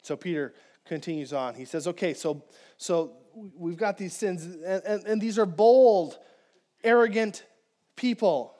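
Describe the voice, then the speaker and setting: A man preaching a conversational, animated sermon as a pastor, speaking directly to his congregation. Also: sits high.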